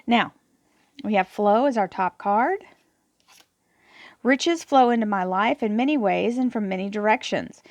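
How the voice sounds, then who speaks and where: A woman's voice: medium pitch, a little slow, long pauses, no echo. Earnest woman reading affirmations, dry sound. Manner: earnest, encouraging, repeats words and restarts. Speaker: tarot reader. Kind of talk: spiritual affirmation talk to camera.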